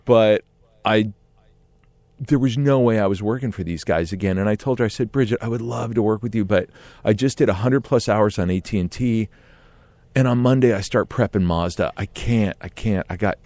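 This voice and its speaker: A middle-aged man telling a casual story in an animated way, often laughing and acting out what others said. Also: lowish voice, normal speed, no room sound. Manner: animated, laughs often, acts out quoted voices.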